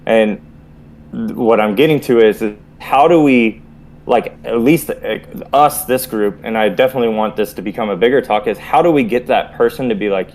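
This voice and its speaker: A man with a fairly low voice talks openly about his own experience in a relaxed chat among veterans. He speaks in a reflective, storytelling way. A faint background noise runs under his voice. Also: normal speed. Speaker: podcast co-host, Army veteran. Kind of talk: casual group chat.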